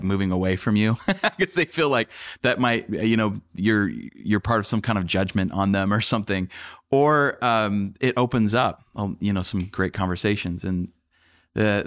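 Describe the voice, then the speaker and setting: A low-voiced man, a pastor, shares stories with earnest enthusiasm and loose, conversational phrasing. His words often stumble and restart. The sound is close and dry, with no room echo. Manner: earnest, animated storyteller with frequent restarts and fillers. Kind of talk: conversational storytelling interview.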